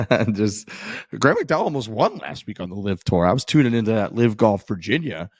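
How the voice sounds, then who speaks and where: A man's voice: fairly low pitch, big pitch swings, fairly quick, no room sound, studio quality. A young man co-hosting a golf podcast, rambling enthusiastically in casual chat, laughing and swearing. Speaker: podcast co-host.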